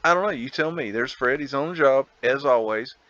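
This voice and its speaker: A man's voice: mid-range voice, fairly quick, fairly bright tone, highs cut off. A man talking casually over a photo slideshow as host, musing aloud, laughing and rambling. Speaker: vlog host.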